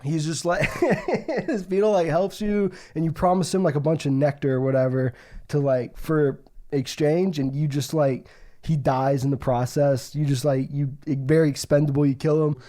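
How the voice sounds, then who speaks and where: A young man in casual podcast chat, his voice a little higher than most men's but soft and mellow. He rambles, stacks fillers and swears freely as he tells a long story. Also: steady tone, moderate pace. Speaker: podcast co-host.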